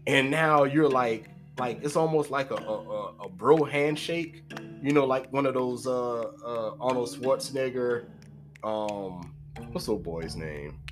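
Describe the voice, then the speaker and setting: A man casually retelling a movie plot in a rambling, profane way, packed with fillers and acted-out character lines, with music underneath. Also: medium pitch. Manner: rambling, profane, full of "like" and "you know"; acts out characters' lines mid-story. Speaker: film reviewer.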